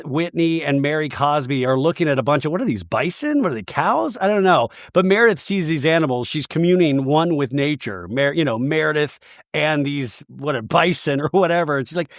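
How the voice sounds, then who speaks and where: A man with a slightly high voice hosts a comedic podcast recap, talking in an animated, wry way. He is recorded very dry and close, with no room sound at all. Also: no echo. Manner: animated, does high-pitched mocking impressions of cast members. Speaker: podcast host recapping a reality show.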